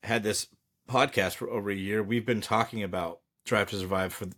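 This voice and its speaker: Blunt, animated man with a lowish voice. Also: a little fast. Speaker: podcast co-host. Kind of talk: casual podcast discussion.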